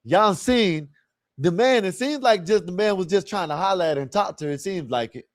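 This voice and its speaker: Reacting live to a clip, a male livestream host fires off blunt, profane remarks and rhetorical questions in casual commentary. He speaks a little fast in a high-pitched, expressive voice, and the recording is dry and studio quality.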